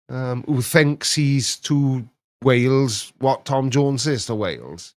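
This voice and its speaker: A man hosting a casual chat, reading viewer comments in a rambling, mocking, animated way. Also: mid-range voice, takes it slowly, no room sound. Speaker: host reacting to viewer comments.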